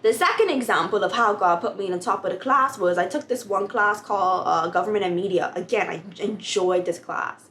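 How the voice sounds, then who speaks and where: A young woman vlogging at home, animated as she tells a personal faith story and acts out the dialogue. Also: medium pitch, brisk, hardly any pauses, a little hiss or hum. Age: young adult. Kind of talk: casual testimony vlog.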